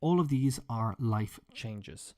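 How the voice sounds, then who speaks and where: A man's voice: mid-range voice, lively intonation, slow, warm tone. A man teaching an English lesson, explaining vocabulary with example sentences in a chatty way. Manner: chatty, with frequent fillers and restarts.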